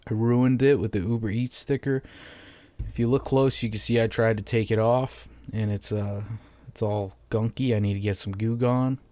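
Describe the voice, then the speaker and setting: A man hosting a casual solo podcast from home, monotonous and deadpan sarcastic, swearing freely into a microphone on a stand. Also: fairly low pitch, moderate pace, no room sound. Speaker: podcast host.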